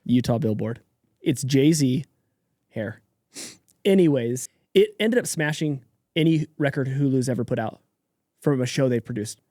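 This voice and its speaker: A man co-hosts a podcast in relaxed, casual chat. His voice is warm and mellow, and he gives blunt opinions, often sliding into quieter asides. The sound is dry, with no room echo. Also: mid-range voice, moderate pace. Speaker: podcast co-host.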